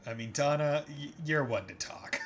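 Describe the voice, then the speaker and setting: A man's voice: a little high, normal speed, a bit bright. A man streaming a video game, reading its text aloud and joking with laughs in between.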